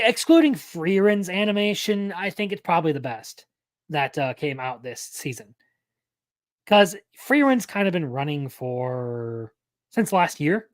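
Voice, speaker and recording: Hosting an anime news livestream, this young man's voice sits a little high, with no room sound. His talk is loose and rambling, and he frequently corrects himself partway through sentences.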